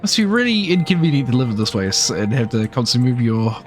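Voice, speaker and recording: A man's voice: mid-range voice, very animated, quick pace, soft background music. A man giving casual let's play commentary while he plays a game, with offhand, mumbling asides. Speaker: gameplay commentator.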